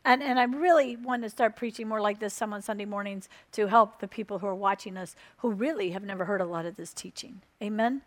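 A woman's voice: medium pitch, fairly quick, hardly any pauses. A woman preaching a sermon, emphatic and repeating her points while asking the crowd for an "Amen".

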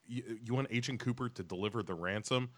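A man lightly acting a flustered, exasperated middle-aged businessman father in quick protests. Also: mid-range voice, lightly acted.

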